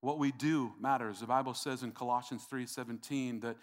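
A man's voice: medium pitch, steady tone, brisk, hardly any pauses. A middle-aged man preaching a sermon, emphatic and repetitive, calling out to the congregation. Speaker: pastor.

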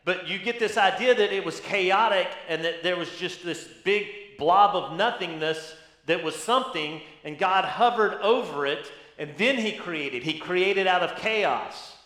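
A man's voice: high-pitched, unhurried, hardly any pauses, sharp tone, echoey room. A man preaching a sermon as pastor, teaching with emphasis and asking rhetorical questions.

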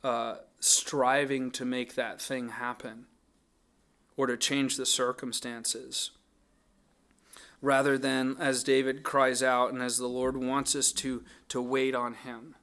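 A man delivers a sermon in an earnest, thoughtful manner. His voice sits at an ordinary middle pitch, and he often restarts his phrases as he reasons his way through the text. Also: little pitch movement, slow, fairly bright tone. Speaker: pastor. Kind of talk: sermon on a psalm.

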